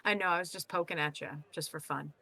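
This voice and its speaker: A woman's voice: on the low side, steady tone, fast talker, bright, forceful tone. A woman co-hosting a casual gaming podcast, chiming in with playful teasing remarks. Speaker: podcast co-host. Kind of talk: casual chat.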